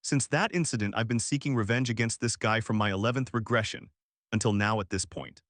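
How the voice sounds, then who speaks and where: A cunning young man who has looped through time again and again, plotting his next move in a cool, even inner voice, as a narrator reads him. The pace is brisk and the recording is very dry and close, like a comic recap read straight into the mic. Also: fairly low pitch, no echo, lightly acted. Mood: explaining. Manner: cool, matter-of-fact inner monologue.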